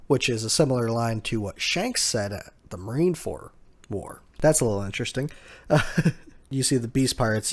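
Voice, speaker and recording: A man with a voice on the low side hosts a casual recap of a manga chapter at normal speed. He speaks hesitantly with lots of fillers while reading quotes aloud.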